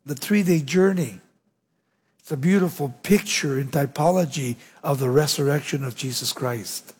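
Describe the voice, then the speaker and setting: A man preaching a sermon, swinging between loud emphatic lines and low, hushed endings. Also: normal speed, husky. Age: young adult. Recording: long hall reverb.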